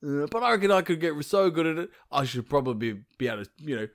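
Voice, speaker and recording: A man voicing a blunt, violent Norse thunder god who makes calm, low threats. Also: quick pace. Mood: menacing. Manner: low, quiet, calmly threatening.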